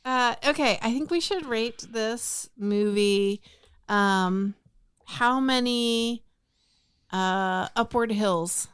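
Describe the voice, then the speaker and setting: A woman's voice: on the high side, takes it slowly, a bit bright, clear, resonant tone, no room sound, studio quality. A woman co-hosting a casual podcast chat, talking in a chatty, rambling way. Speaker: podcast co-host.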